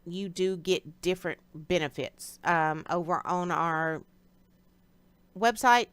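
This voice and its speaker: A woman talks casually on a live stream, greeting viewers and answering their questions in a chatty, direct way. Her voice is smooth and clear, and the sound is dry and close, with little room around it. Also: fairly low pitch, a bit bright, dry recording. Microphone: streaming setup.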